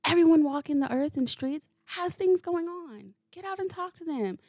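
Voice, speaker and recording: A woman hosting a solo podcast, telling stories in a casual, animated way, swearing freely and laughing as she goes. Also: extremely high pitch, normal speed, dry recording, clean studio sound. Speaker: podcast host. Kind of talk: casual solo storytelling monologue.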